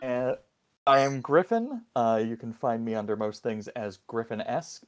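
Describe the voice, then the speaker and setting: A man's voice: mid-range voice, very animated, unhurried. A man welcoming players as game master of an online tabletop game, upbeat and easygoing. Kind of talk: hosting a tabletop game stream.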